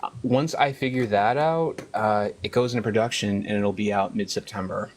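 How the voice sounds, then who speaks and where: A man as an interview guest, telling stories animatedly with frequent laughs and sudden jumps in pitch. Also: normal speed, slight background noise. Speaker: guest, cookbook author. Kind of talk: casual interview chat.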